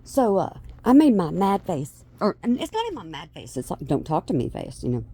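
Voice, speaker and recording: A woman's voice: medium pitch, fairly quick, breathy edge. A mother vlogging to her viewers in a rambling, chatty way, often losing her track and starting again. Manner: animated, chatty, trails off and restarts. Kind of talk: rambling casual chat to camera.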